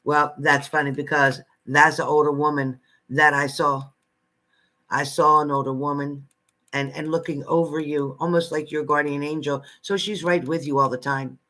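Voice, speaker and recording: A man's voice: on the high side, little pitch movement, normal speed, sharp tone. Chatty man giving psychic readings. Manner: chatty, repeats phrases, addresses viewers by name. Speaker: psychic reader. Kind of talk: live spirit-message readings to viewers. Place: at home.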